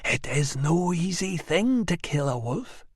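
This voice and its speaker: A man's voice: fairly high pitch, very animated, measured pace, slightly rough, dry recording, studio quality, pitched above the performer's own voice, full character voice. A man reading an audiobook, voicing a rousing older storyteller who rallies a crowd with rising calls.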